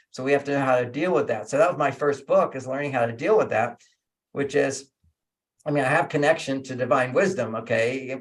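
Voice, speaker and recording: Older man, animated storytelling guest. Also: medium pitch. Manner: animated storyteller, laughs between points. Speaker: interview guest. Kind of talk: conversational teaching.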